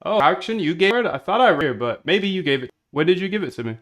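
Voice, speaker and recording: A man live streaming while he builds software, chatting in a rambling, slangy way and reacting to his chat. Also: high voice, lively intonation, quick pace.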